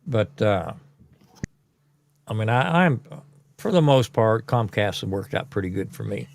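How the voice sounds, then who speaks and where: A man's voice: on the low side, very animated, a little slow, vocal fry, slight background noise. A man hosting a casual podcast, speaking in a plain, blunt way. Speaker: podcast host.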